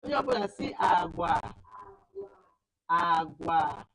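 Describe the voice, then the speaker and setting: A woman teaching a class of children, animated and repeating words for emphasis. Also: on the low side, takes it slowly, low-quality recording. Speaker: camp teacher.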